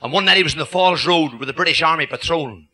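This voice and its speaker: Irish club comic with a sharp bright voice. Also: male voice, a little high, fast talker, a little hiss or hum. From Ireland. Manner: storytelling patter, punchy and cheeky. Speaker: club comedian. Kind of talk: live stand-up joke telling. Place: social club function room, live audience.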